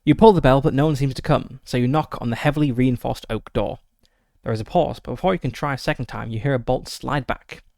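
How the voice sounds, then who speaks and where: A man's voice: mid-range voice, a little fast, gravelly, darkish tone, no room sound, clean studio sound. A man streaming a solo tabletop game, reading the gamebook aloud with frequent fillers and short asides.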